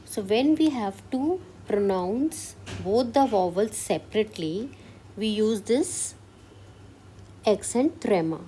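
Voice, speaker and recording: A woman teaching French step by step and often checking with "Clear?", switching between English and Hindi. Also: medium pitch, animated, slow, mellow, slight background noise. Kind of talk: classroom-style language lesson.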